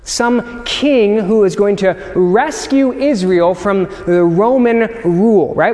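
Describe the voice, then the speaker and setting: A man's voice: high-pitched, animated, slow pace, hardly any pauses, a little mellow, in a large hall. A man preaching a sermon in a conversational way, often stumbling over repeated words and asking "right?". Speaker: pastor.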